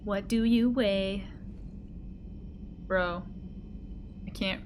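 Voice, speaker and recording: A woman's voice: fairly high pitch, fairly even intonation, slow pace, pauses often, slight background noise. A woman streamer chatting casually with her live chat, giggly and playful as she reads messages aloud.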